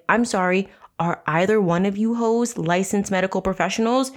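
A woman's voice: mid-range voice, normal speed. Sarcastic, foul-mouthed woman podcaster. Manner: blunt, sarcastic, swears freely. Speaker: podcast host. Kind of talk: true crime podcast commentary and reading aloud.

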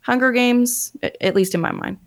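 A woman's voice: a little high, moderate pace, creaky. A woman co-hosting a casual movie chat, blunt and opinionated, swearing freely. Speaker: podcast co-host.

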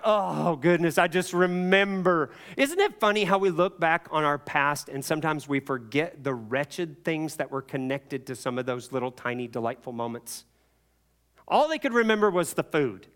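A man with a voice on the high side preaches a sermon, telling its story with animated voices for the characters.

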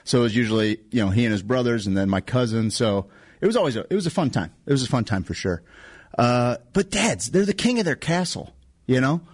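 Male radio host, casual and jokey, very expressive pitch. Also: fairly quick, slightly rough. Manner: jokey, lively interjections.

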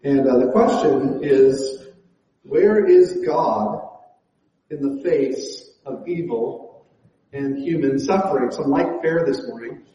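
Man, pastor, conversational sermon, mellow tone, lots of ums and restarts, echoey church hall. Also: medium pitch, slow pace. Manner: conversational preaching with frequent fillers and restarts.

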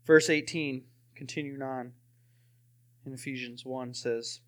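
A young man preaching a sermon and telling his own testimony, swinging from loud emphasis to hushed, near-whispered lines. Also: mid-range voice, steady tone, measured pace.

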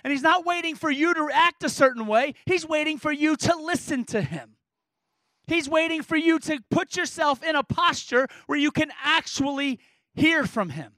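A man's voice: very high-pitched, expressive, moderate pace, pushed and bright, no echo, rough recording. A man preaching a sermon as a pastor, earnest and emphatic, driving points home with repeated rhetorical questions.

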